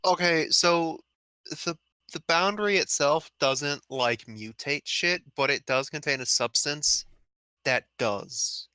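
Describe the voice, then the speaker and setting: A man co-hosting a casual stream, explaining game lore with quick self-corrections. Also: fairly high pitch, bright, forceful tone, smooth, no room sound. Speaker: co-host. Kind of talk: casual chat.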